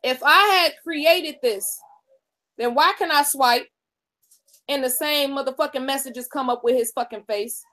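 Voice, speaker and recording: A woman's voice: high-pitched, measured pace, bright, forceful tone. A woman co-hosting a live stream in casual commentary, emphatic and confrontational, repeating her lines for effect. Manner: profane, confrontational.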